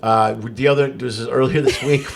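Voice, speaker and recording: A man's voice: mid-range voice, steady tone, normal speed, creaky, slight background noise. A middle-aged man co-hosting a podcast, telling a story in casual chat, laughing often and swearing freely. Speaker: podcast co-host.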